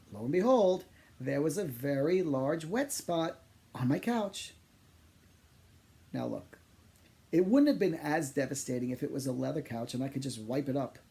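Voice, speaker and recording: A man, a psychic medium, telling funny stories to camera in a chatty, animated, self-deprecating way. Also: mid-range voice, gravelly. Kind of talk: storytelling monologue to camera.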